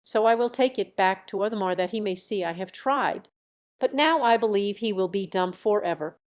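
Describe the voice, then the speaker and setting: A woman's voice: medium pitch, moderate pace, lightly acted. A woman voicing an earnest young village girl.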